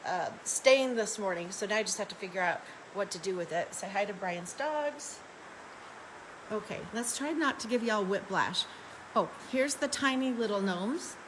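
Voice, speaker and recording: A woman's voice: medium pitch, background noise. A woman chatting casually on a live stream, upbeat and friendly, greeting viewers by name and laughing often as she shows off her home craft room. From Arizona, United States.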